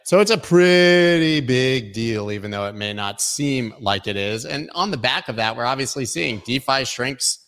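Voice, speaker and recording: A man's voice: medium pitch, fairly bright tone. A man hosting a weekly crypto news show, talking casually with many fillers and opinionated asides. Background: construction noise.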